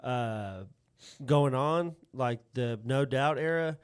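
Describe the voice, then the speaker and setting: A man's voice: mid-range voice, slow, clear, resonant tone. A man in his late thirties co-hosting a podcast, chatting in a laid-back, rambling way with lots of fillers. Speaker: podcast co-host. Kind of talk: casual podcast chat.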